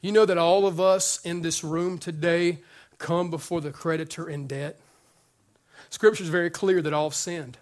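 A male pastor with a high voice delivers a conversational sermon. He jokes with the room and repeats words as he builds to his points. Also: moderate pace. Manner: conversational, joking, repeats words when excited.

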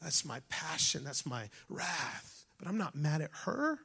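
Gravelly, high-voiced preaching man. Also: a little slow. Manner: animated preaching, shifting from shouts to near-whispers. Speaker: pastor. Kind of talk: sermon.

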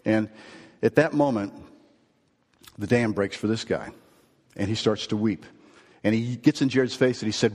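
A man preaching a sermon as pastor, telling a story with lively quoted voices. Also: on the low side, a little fast, big-room sound.

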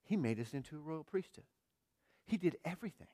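A middle-aged man preaching a sermon as pastor, earnest, firing rhetorical questions and swinging between quiet and emphatic delivery. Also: fairly high pitch, very animated, a little fast, dry recording, clean studio sound.

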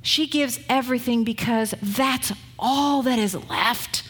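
A woman's voice: fairly high pitch, slow, a bit bright, breathy edge. A woman pastor preaching a sermon, retelling scripture stories in a conversational, storytelling way.

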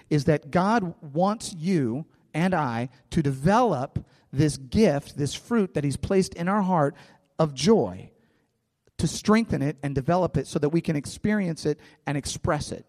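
A man's voice: on the high side, a little mellow. A male pastor preaching a sermon in a conversational way, telling stories and often restarting his phrases. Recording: long hall reverb.

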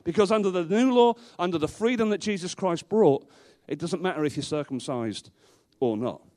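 A man's voice: sits high, animated, normal speed, a little mellow. A male pastor preaching a sermon to a congregation in a church, emphatic, repeating rhetorical questions and dropping in dry humorous asides.

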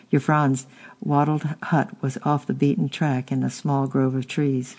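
A man narrating a historical story aloud in a steady reading, now and then stumbling and repeating a word. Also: mid-range voice, gravelly. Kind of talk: audiobook reading.

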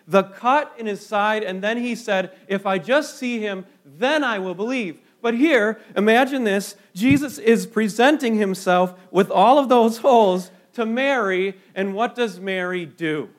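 A man preaching a sermon as pastor, slow and emphatic, with dramatic pauses and sudden drops to a hush. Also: sits high.

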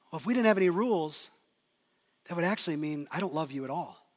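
High-voiced preaching man in a hall. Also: fast. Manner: animated preaching, swings from loud emphasis to quiet intimate asides. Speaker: pastor. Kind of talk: sermon. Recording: long reverb of a large hall.

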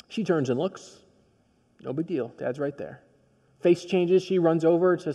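A male pastor preaching a sermon, telling a story in a personal, conversational way that swings from quiet to emphatic. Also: a little high, brisk, in a large hall, highs cut off.

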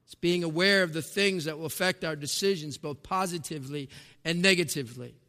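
A man preaching a sermon, emphatic, with rhetorical questions, rising to shouts and dropping to a hush, in a church sanctuary. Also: fairly high pitch, brisk. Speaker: pastor. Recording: long reverb of a large hall.

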